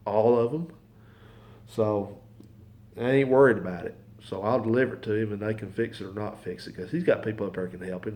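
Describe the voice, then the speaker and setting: In his home garage, a mechanic who hosts his own channel tells a long, folksy, rambling story straight to camera, repeating himself along the way. His voice is fairly low in pitch and a little mellow, and the storytelling is casual.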